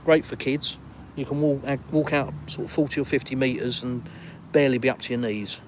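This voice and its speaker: A man's voice: medium pitch, fairly quick, a little hiss or hum. Older Englishman chatting on a live walkabout. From England. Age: retired. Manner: relaxed, chatty, reads comments aloud then answers. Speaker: live stream host. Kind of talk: casual live stream chat, reading viewer comments. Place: outdoors in a village, walking.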